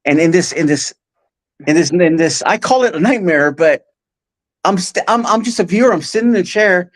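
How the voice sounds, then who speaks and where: Male guest, heartfelt and halting storyteller with plenty of restarts, speaking close into a podcast mic. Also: sits high, lively intonation. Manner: halting, full of restarts and fillers; earnest and emotional. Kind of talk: casual personal storytelling.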